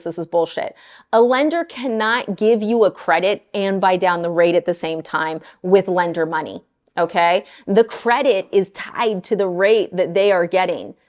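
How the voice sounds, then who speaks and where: A middle-aged woman mortgage lender talking casually to her viewers, blunt and animated, often exasperated. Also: on the high side.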